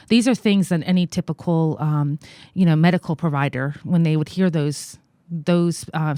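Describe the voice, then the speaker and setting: An American woman in her forties, a guest in an interview, telling a personal story in a halting, earnest way with many fillers. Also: deep voice, darkish tone, no room sound, clean studio sound. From United States. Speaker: guest, congressional candidate.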